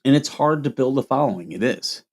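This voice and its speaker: A man's voice: medium pitch, expressive, a little fast. A man from Ohio with a Midwestern accent, hosting a casual livestream and chatting with viewers. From Toledo, Ohio. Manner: rambling, chatty, reacts to chat comments. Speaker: livestream host.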